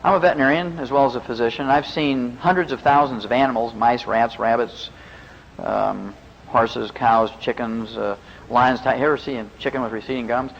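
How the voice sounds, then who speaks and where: A man's voice: mid-range voice, gravelly, long reverb tail. A man from the Midwest, a veterinarian and physician, giving a folksy, joking health lecture to a live audience. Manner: joking storyteller, animated and fast-talking. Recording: muffled lecture recording with faint hiss.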